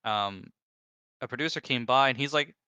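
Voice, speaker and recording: A man telling lively work stories in casual chat, bursting into high mimicked voices. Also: moderate pace, clean tone, no room sound, muffled recording. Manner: animated storyteller, mimics coworkers in high squeaky voices. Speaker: animator guest.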